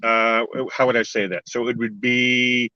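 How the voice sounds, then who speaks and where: A man's voice: mid-range voice, little pitch movement, measured pace, bright, forceful tone, dry recording, lo-fi sound. An older man from Canada in casual chat, laughing often as he talks. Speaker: co-host.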